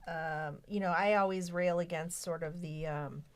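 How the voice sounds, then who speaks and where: A woman hosting a casual book club chat on a podcast, talking in an animated way. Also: fairly low pitch, moderate pace. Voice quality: animated, mimics voices when quoting others. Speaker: podcast host.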